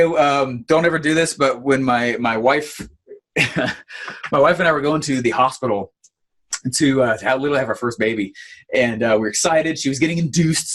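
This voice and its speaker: A man giving an online marketing training, telling stories in an animated way with lots of fillers. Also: mid-range voice. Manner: animated storytelling with many fillers.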